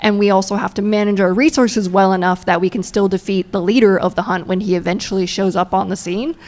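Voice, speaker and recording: A woman's voice: medium pitch, fairly even intonation, fast talker, darkish tone. A woman player on a convention panel talking in a casual, enthusiastic way with many fillers.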